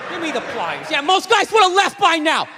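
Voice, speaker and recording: A man playing a short-tempered, foul-mouthed middle-aged husband and father who barks and shouts at his wife. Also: very high voice, huge pitch swings, moderate pace, big-room sound, pitched above the performer's own voice, exaggerated voice. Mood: yelling. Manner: barking, cursing, shouting.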